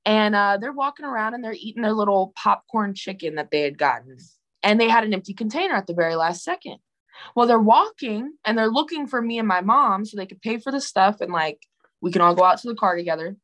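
A young woman spins a story in loose, casual talk, slipping into the voices of the people in it. Her pitch sits at an ordinary middle for a woman. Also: brisk, poor audio. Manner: animated, acts out quoted lines. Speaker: guest.

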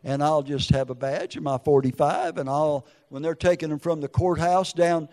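A man's voice: fairly high pitch, fairly even intonation, moderate pace, a little mellow, in a large hall. An older man, preaching an emotional testimony and acting out the quotes in his story. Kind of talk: testimony sermon.

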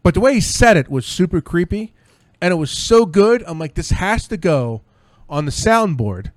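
A tipsy man hosting a podcast. He tells rambling, excitable stories and swears freely. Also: sits high, normal speed, no echo. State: tipsy from drinks. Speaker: podcast host. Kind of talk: casual podcast chat.

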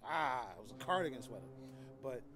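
A man's voice: medium pitch, animated, a little fast, a crowd in the background, rough recording. A man talking as a podcast guest, telling candid, profane stories in a loose, casual way. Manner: loose, conversational, frequent "like" and "you know".

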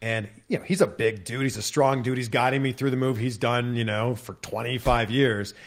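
An American man sits in as a podcast guest and tells a story with animated energy, piling on fillers like "like" and "you know". His voice sits at an ordinary middle pitch. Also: normal speed. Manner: animated, vivid retelling with many fillers. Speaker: interview guest.

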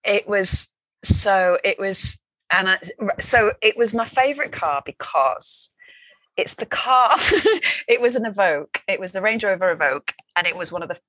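Lively chatty English woman. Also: mid-range voice, normal speed, no room sound. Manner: chatty storyteller, animated, laughs often. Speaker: podcast co-host. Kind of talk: casual chat.

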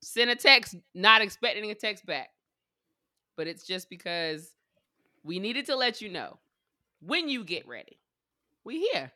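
A woman's voice: mid-range voice, big pitch swings, a little slow, pauses often, pushed and bright, dry recording, clean studio sound. Blunt, profane woman teasing her friend. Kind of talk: casual chat among friends.

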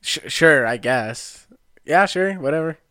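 A young man co-hosting a casual podcast, speaking bluntly and low-key with casual cursing. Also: animated, a little slow, pushed and bright, clean tone, no room sound, studio quality. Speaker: podcast co-host. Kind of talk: casual chat.

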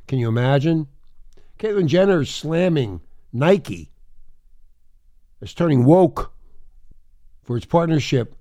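A man with a gravelly, fry-edged voice rants as a shock radio host. He talks in a crude, rambling, mocking way, and the sound is dry and close, with no room around it. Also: lowish voice, mellow, no echo.

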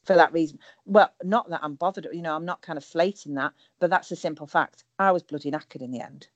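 A woman's voice: sits low, fast talker, no room sound. A middle-aged woman chatting as a guest over a call, blunt and humorous, swearing freely. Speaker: guest, former reality show contestant. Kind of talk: casual chat over a call.

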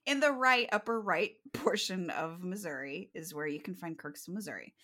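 Animated, sweary woman podcast host. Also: fairly low pitch, normal speed. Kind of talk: casual true-crime podcast storytelling.

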